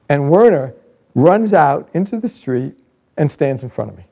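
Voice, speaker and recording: A man in his sixties, an author and founder, telling a lively personal anecdote in a book trailer. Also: mid-range voice, normal speed, gravelly, breathy edge. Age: 60s. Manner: lively, vivid anecdote telling with bursts of excitement. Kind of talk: storytelling narration in a book trailer.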